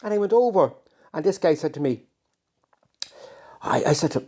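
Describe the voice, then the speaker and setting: A man's voice: on the high side, animated, brisk, pauses often, warm tone. An Irish man reading his own poems outdoors, with rambling, self-mocking asides about his life. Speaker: poet reading his work. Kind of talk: poetry reading and personal storytelling. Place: outdoors on a farm.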